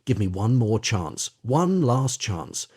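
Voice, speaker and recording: Pleading young boy in a storybook tale voiced by a man, husky, soft and mellow. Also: mid-range voice, sing-song, normal speed.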